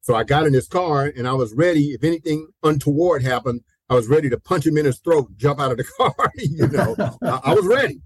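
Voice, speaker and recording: Guesting on an interview, a pastor around sixty rattles off personal stories with few pauses, his slightly rough voice a little high and a little fast. Animated, he performs the voices he quotes, laughs often mid-story, repeats himself, and says "you know" constantly. There's no room sound, and the audio is poor.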